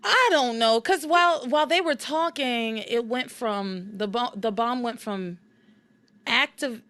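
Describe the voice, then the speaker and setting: A woman hosts a laid-back recap podcast in a fairly high voice. She is chatty and animated, laughs easily, and trails off mid-thought before starting again. Her voice is dry and close on the mic. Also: a little slow, dry recording. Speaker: podcast host. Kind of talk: casual recap chat.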